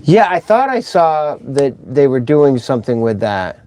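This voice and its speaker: A man's voice: mid-range voice, sing-song, unhurried, darkish tone. A middle-aged man hosting a casual live stream, rambling and chatty as he reads out viewer comments.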